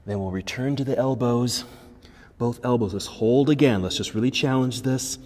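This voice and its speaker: A man leading a guided yoga class, giving calm, encouraging cues about posture and breathing. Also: medium pitch, moderate pace, big-room sound. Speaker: yoga instructor. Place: yoga studio.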